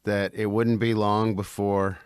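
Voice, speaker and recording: A man co-hosting a podcast, chatting casually with dry, deadpan quips. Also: on the low side, unhurried, clear, resonant tone, dry recording. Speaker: podcast co-host. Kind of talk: casual chat.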